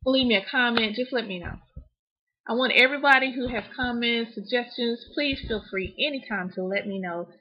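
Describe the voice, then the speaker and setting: A woman with a slightly high, somewhat fast, husky voice speaks candidly to the camera in a casual home vlog. As a parent vlogger she's chatty and open, restarting her sentences often. The home recording sounds dull and lo-fi.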